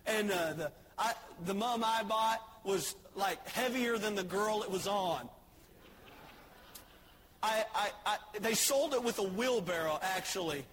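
A male preacher delivers a joking, story-driven sermon, dropping to soft asides and rising to shouts. His voice is very high. A faint hiss runs behind him. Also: a little slow.

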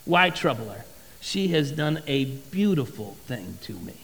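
A man voicing Jesus as a calm, reassuring grown man who speaks slowly and softly, in a reverberant hall. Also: mid-range voice, vocal fry, a little hiss or hum, pitched below the performer's own voice, exaggerated voice. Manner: slow, soothing and hushed.

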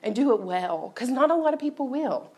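A woman's voice: sits high, expressive, brisk, darkish tone. A woman giving a candid, conversational personal testimony to a church audience. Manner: conversational, candid, often laughing. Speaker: speaker at a church gathering.

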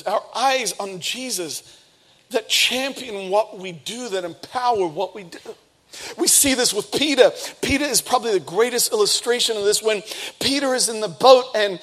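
A man in his thirties, a pastor preaching a sermon and telling a personal story with lively bursts of speed and emphasis. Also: high-pitched.

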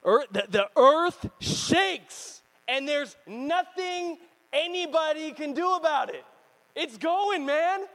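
Animated high-voiced male pastor preaching. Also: takes it slowly, poor audio. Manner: animated, jokey, acts out voices and screams. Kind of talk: sermon.

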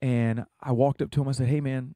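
A man's voice: mid-range voice, little pitch movement, a little fast, warm tone, dry recording. Earnest young man telling his story. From United States. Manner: earnest storytelling, many fillers. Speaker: guest. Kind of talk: casual testimony interview.

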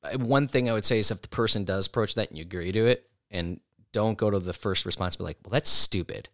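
A man co-hosting a podcast with his wife, talking in a measured, explanatory way in casual chat. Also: on the low side, fairly bright tone, no echo, studio quality. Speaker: podcast co-host.

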